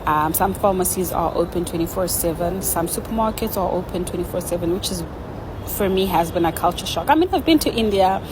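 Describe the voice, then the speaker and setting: A South African woman with a slightly low voice talks enthusiastically in a casual vlog. She is recorded on a phone outdoors in the city, and loud background noise runs behind her. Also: expressive, a little fast. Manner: chatty and enthusiastic. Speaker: vlogger.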